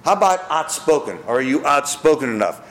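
Animated preacher man in an echoey room. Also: a little high, brisk. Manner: asks the audience rhetorical questions; acts out quoted people in character. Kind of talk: sermon.

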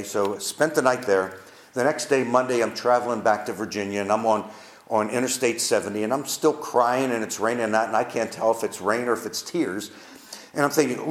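A man's voice: medium pitch, normal speed. An older man, a pastor, telling a personal story in a sermon, heartfelt and emphatic, often repeating his phrases. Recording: roomy echo.

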